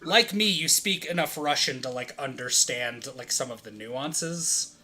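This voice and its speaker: A man in casual banter with friends, animated and profane, rambling as he talks. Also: medium pitch, unhurried.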